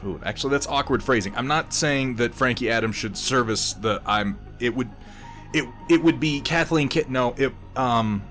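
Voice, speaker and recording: Rambling, swearing livestream host. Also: male voice, mid-range voice, normal speed, fairly bright tone, faint music behind. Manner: rambling, chatty, laughs often, swears freely. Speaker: livestream host painting miniatures. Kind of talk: casual livestream chat.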